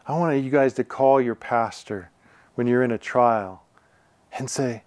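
A man's voice: mid-range voice, measured pace, a little mellow, no echo. Male pastor, mid-range voice, earnest and chatty sermon style with rhetorical questions, dry close sound. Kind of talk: conversational sermon.

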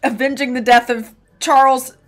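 A blustering, self-important deputy sheriff barks his lines with brash confidence, voiced by a woman reading a storybook. His voice sits a touch high and carries loud and sure. Faint music plays behind. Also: level tone, moderate pace, natural voice. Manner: pompous and brash, louder than the narration.

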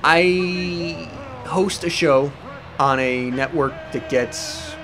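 A young let's play host comments casually over gameplay at home with his cat, rambling, mocking himself and swearing often. His voice is a little high and extremely slow, with a noisy background.

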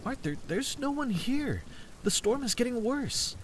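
A man's voice: very high-pitched, very animated, a little slow, a little hiss or hum, pitched above the performer's own voice, exaggerated voice. A man voicing a worried, bossy young woman companion who urgently scolds her friend in a storm.

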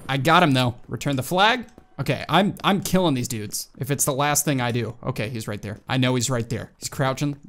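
A man giving casual let's-play commentary on a shooter game, excitable and prone to sudden yelps and exclamations. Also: medium pitch, fairly quick. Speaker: gaming YouTuber. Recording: loud game gunfire behind voice. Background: video game gunshots and effects.

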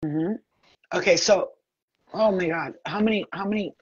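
A woman psychic medium talks through a live video-call reading in a rapid, chatty and blunt way, swearing freely. Her voice has a slightly husky edge. The sound is dull and lo-fi, with a dry, close feel. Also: on the low side, no echo.

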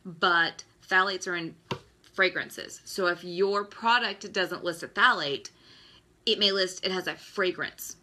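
A woman's voice: on the low side, a little slow, pushed and bright. A woman in her thirties hosting a live stream, talking in a ranting, exasperated way about everyday hazards. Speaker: host. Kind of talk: Facebook Live talk.

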